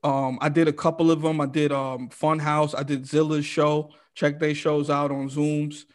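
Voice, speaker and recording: An energetic New comedian talks in street slang and swears freely. His voice is a little higher than most men's. He tells his stories with animated bursts. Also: moderate pace. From New York, United States. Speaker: comedian guest. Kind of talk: casual podcast chat.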